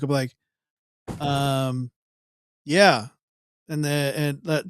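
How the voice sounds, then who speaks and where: Halting man host, slightly higher voice. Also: fairly even intonation, smooth, no room sound, studio quality. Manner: halting, repeats words when starting. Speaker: podcast host. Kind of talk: casual interview chat.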